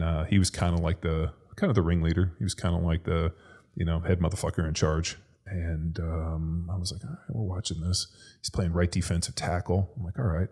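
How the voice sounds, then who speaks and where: A man with a very low voice tells a story in casual podcast chat. He swears constantly and talks in an animated way. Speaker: podcast co-host, former NFL lineman.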